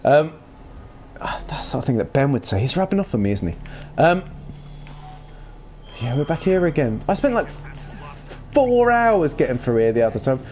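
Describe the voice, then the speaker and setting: A man's voice: medium pitch, very animated, normal speed, long pauses, a little mellow, slight background noise. A man with a Kentish accent who mumbles a lot, rambling casually while he streams a video game. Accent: Kentish English. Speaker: gaming streamer.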